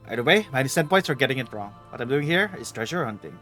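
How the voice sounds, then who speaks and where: A man's voice: mid-range voice, animated, fast talker, sharp tone, faint music behind. A man reading out a teasing, vain older treasure hunter woman. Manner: teasing, reading game dialogue aloud. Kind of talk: reading game dialogue aloud on a live stream.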